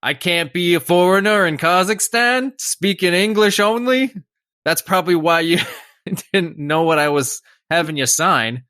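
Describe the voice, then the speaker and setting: A young man trades jokes as a podcast co-host, his voice bright and forward. The sound is close and dry, with little room. He slides in and out of mock officials and improvised characters. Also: sits high, lively intonation, measured pace, clean tone, no echo. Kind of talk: casual comedic chat with improvised bits.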